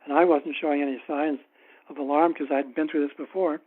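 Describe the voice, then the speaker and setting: A man as an author guest in a casual interview, telling anecdotes in an unhurried, wry way. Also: fairly high pitch, steady tone. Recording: tinny phone-like line.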